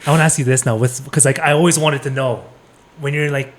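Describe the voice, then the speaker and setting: A man hosting a casual interview podcast, asking loose, relaxed questions full of fillers. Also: mid-range voice, fast talker. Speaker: podcast host.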